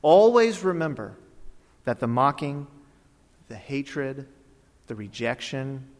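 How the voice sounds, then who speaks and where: A man preaching a sermon as pastor, animated and swinging between loud bursts and hushed asides. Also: mid-range voice, takes it slowly. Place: church auditorium. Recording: long reverb of a church hall.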